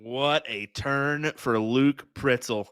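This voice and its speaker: Upbeat, bright-voiced male darts commentator. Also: mid-range voice, slow, slight background noise. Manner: upbeat, chatty analysis with restarts. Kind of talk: live sports commentary.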